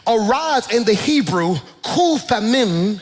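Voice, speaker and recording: A man preaching a sermon as pastor, shouting in a sing-song cadence and dropping into hushed storytelling asides. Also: sits high, animated, moderate pace. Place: large church hall. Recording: reverberant church hall.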